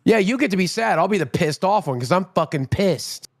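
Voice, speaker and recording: A man with a high, swooping voice rants on a podcast. His anger is heated and profane and keeps climbing until he is nearly shouting. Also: lively intonation, fairly quick. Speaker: podcast co-host. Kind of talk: angry ranting commentary.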